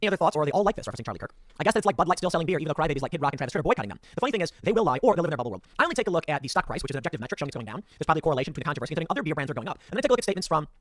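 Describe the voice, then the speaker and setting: A male commentator who rattles off his points at great speed, his voice swinging high and low. He reads a movie review aloud and picks it apart with sarcastic asides. The recording is dry and close. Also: no room sound. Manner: rapid, lively delivery with sarcastic asides. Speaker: political commentator.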